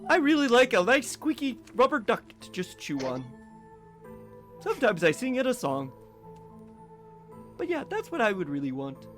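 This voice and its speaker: A man voicing a giddy, playful male dog who gushes about squeaky toys. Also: moderate pace, long pauses, faint music behind, exaggerated voice. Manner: excited, high and bubbly.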